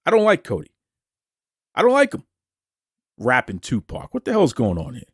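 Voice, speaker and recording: A man's voice: medium pitch, wildly swooping pitch, moderate pace, breathy edge, dry recording, studio quality. A man hosting a wrestling commentary show, ranting in a taunting, combative way and firing off rhetorical questions. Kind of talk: opinionated wrestling commentary rant.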